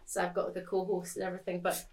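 A woman's voice: on the low side, completely flat delivery, quick pace, creaky, a little mellow, slight background noise. A woman chatting casually as a podcast guest, rambling with lots of "like" and frequent laughter. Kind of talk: casual chat.

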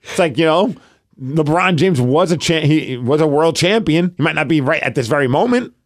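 Animated man telling a gym story. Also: fairly high pitch, normal speed. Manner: animated storyteller, self-mocking, acts out his own inner thoughts. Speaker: podcast co-host. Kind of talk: casual chat.

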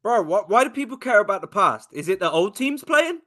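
A man's voice: sits high, big pitch swings, brisk, pushed and bright. A brash, profane man in casual sports talk, calling everyone "bro" as a co-host.

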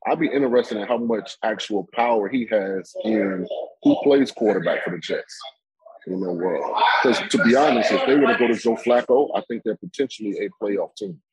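A man's voice: lowish voice, expressive, normal speed, a crowd in the background, poor audio. A man giving opinionated football analysis on a sports talk show, rambling with many fillers and restarts.

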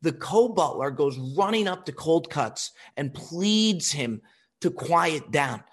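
A man hosting a podcast, telling anecdotes in a lively, profane way and acting out the people in them. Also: fairly high pitch. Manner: animated, profane, acts out quotes. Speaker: podcast host. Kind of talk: casual storytelling.

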